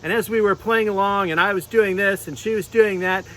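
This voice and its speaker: A man telling a children's sermon with puppets, in a gentle storytelling manner. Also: high voice, steady tone, brisk, poor audio. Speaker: clergy giving children's sermon.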